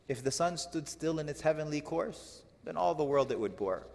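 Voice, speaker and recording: Guy giving a religious lecture, kinda high voice, lots of rhetorical questions, big echoey hall. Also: normal speed, vocal fry, few pauses. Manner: animated, rhetorical questions to the audience. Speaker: religious teacher. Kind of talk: lecture explaining classical poetry.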